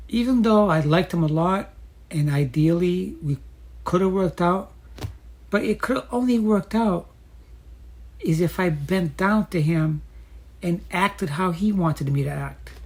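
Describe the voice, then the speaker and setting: A woman telling her own dating story in a chatty, reflective way, often pausing with fillers. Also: fairly low pitch, darkish tone, breathy edge. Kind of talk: casual personal storytelling.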